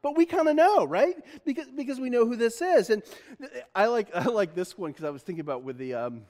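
A male pastor with a high voice gives a chatty, self-deprecating sermon. He laughs often, restarts his sentences, and talks easily to the congregation. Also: animated, brisk, a little mellow.

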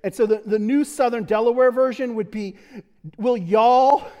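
A man with a fairly high voice gives a casual sermon as pastor, full of jokes and little laughs. His words trail off into a long reverb, as if he is speaking in a large church hall. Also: fairly even intonation, fairly quick, mellow. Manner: joking, chuckling often, restarts and fillers.

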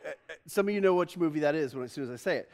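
A man's voice: on the high side, animated, racing, darkish tone. A middle-aged man preaching a conversational sermon in a church, chatty and joking, often breaking into laughter. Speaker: pastor.

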